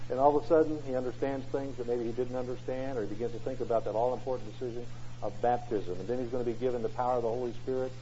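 A man's voice: medium pitch, steady tone, racing, dark tone, a little hiss or hum. A man preaching a sermon in an emphatic way, often asking rhetorical questions. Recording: dull lo-fi recording.

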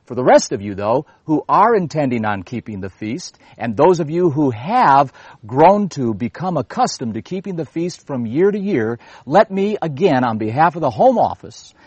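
A man's voice: on the high side, sing-song, moderate pace, darkish tone, husky, no echo, muffled recording. A man hosting a religious TV program, talking earnestly and at length with a few restarts. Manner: earnest, wordy, with repeated restarts. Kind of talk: broadcast religious talk with viewer appeal.

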